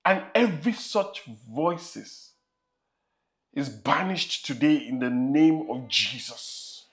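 Nigerian preacher, emphatic sermon delivery, slow measured pace, swooping lively pitch.

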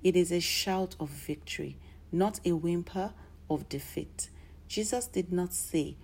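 Woman, preacher, sermon, low voice, mellow tone, emphatic declarations. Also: unhurried.

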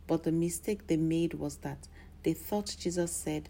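Low-voiced woman preaching a sermon. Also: fairly even intonation, a little slow, dark tone, a little hiss or hum. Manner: declarative preaching with rising emphatic bursts.

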